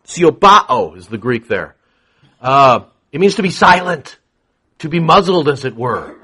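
A man preaching a sermon to a congregation, emphatic, swinging between quiet asides and loud proclamation. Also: high-pitched, very animated, a little slow, breathy edge. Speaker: pastor.

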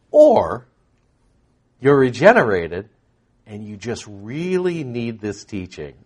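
A man preaching a sermon, shifting from hushed asides to loud, stressed peaks and repeating words for emphasis. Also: mid-range voice.

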